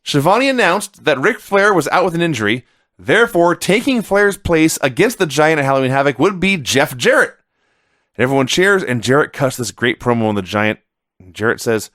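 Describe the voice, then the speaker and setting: A middle-aged man co-hosting a casual podcast, his voice sitting a little high and swinging widely as he tells stories. He talks in an animated way with sarcastic asides. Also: a little fast. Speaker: podcast co-host. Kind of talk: casual wrestling review chat.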